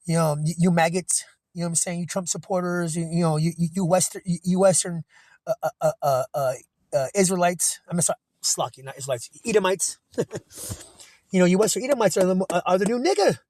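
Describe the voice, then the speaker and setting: A man giving an informal scripture breakdown on a cell phone, rambling and profane with many restarts, reading verses slowly. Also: sits high, a little mellow, dry recording. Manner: reads verses slowly in old-style diction. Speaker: self-taught scripture teacher.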